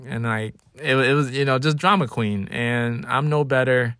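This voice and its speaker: A man's voice: mid-range voice, normal speed, a bit bright, smooth, no echo, clean studio sound. A man in his early twenties hosting a casual solo podcast, telling stories with animation and acting out his own whining. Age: 20s. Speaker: podcast host.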